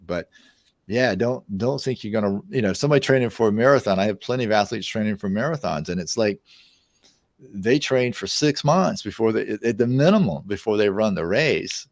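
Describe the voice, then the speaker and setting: A man's voice: fairly low pitch, expressive, fairly quick, dry recording, clean studio sound. A man in his sixties, a guest in a conversational interview, telling personal stories in an anecdotal, easygoing way. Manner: storytelling, anecdotal, with restarts. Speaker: podcast guest, mind-body therapist.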